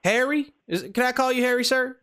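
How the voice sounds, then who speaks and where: A man's voice: very high voice, brisk, fairly bright tone, smooth, voice pushed up. A man putting on a folksy Southern caller. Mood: friendly, folksy. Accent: put-on American Southern. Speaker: prank caller. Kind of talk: improvised prank call.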